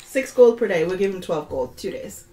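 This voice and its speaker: A woman's voice: medium pitch, animated, moderate pace, warm tone, rough recording. A woman playing a tabletop game, joking playfully with the group. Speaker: player. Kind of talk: casual tabletop play. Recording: chatter around the table.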